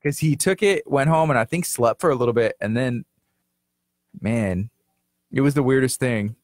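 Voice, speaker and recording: A man co-hosts a live radio show from a studio, teasing his partner and laughing through easy banter. His voice sits at an ordinary pitch and sounds close and dry on the mic. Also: moderate pace, no room sound. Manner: joking, teasing, chatty with laughs. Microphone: studio microphone.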